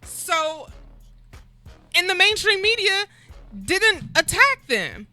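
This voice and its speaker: A woman's voice: extremely high pitch, big pitch swings, slow, sharp tone, faint music behind. A woman co-hosting a talk show, incredulous and sarcastic, firing off rhetorical questions. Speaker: guest co-host. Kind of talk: casual talk show chat.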